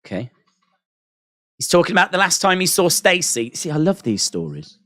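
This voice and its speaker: A man's voice: a little high, big pitch swings, moderate pace, fairly bright tone, no room sound. Chatty man on a dry close mic. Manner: chatty, reacting with laughs and asides. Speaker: host of a wrestling watch-along stream. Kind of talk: casual live-stream commentary.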